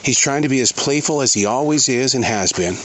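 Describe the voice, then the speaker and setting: A middle-aged man hosting his own show, speaking in an earnest, halting, reflective way while out in a forest. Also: mid-range voice, lively intonation, fairly bright tone, slight background noise, poor audio. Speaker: podcast host. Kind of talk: reflective spoken monologue. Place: outdoors in a forest.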